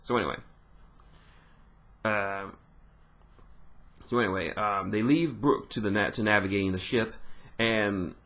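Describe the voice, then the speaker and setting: A man's voice: lowish voice, a little slow, long pauses, a bit bright. A man giving an informal, rambling recap of a manga chapter, often correcting himself.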